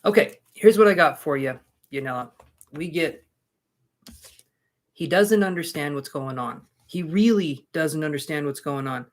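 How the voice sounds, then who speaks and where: A man's voice: a little high, measured pace. A man reads tarot cards live on a stream. He chats casually with his viewers and slips in joking asides between readings. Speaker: tarot reader.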